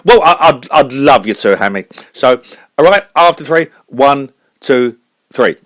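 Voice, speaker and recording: A man's voice: mid-range voice, animated, unhurried, fairly bright tone, no echo. A man hosting a comedy radio show, upbeat and teasing in his presenter patter.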